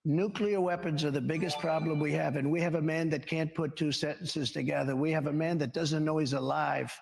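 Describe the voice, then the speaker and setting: A man's voice: fairly high pitch, fairly even intonation, a little fast, vocal fry, darkish tone, slight background noise. A man in his seventies answering interview questions at a town hall, rambling from story to story and boasting as he goes. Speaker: interview guest.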